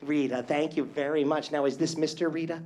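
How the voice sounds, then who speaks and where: A man's voice: fairly high pitch, steady tone, fairly quick, darkish tone. A man on stage bantering with his crowd in a slightly raised voice. He is flamboyant and teasing and piles on the endearments. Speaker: stage entertainer working the crowd. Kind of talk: live stage banter with the audience. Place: live venue with an audience.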